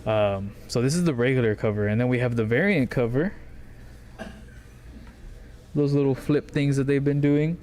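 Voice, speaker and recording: A man's voice: medium pitch, fairly even intonation, normal speed, long pauses, a little mellow, slight background noise. A man hosting a casual comic shop rundown, talking in a rambling, enthusiastic way with lots of fillers. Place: comic book store.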